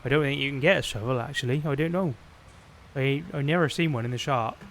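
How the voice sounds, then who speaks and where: A man's voice: mid-range voice, quick pace, fairly bright tone, slight background noise. A British man streaming a farming game, chatting casually and narrating each move he makes. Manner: chatty, narrates his own actions. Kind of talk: casual gaming chat.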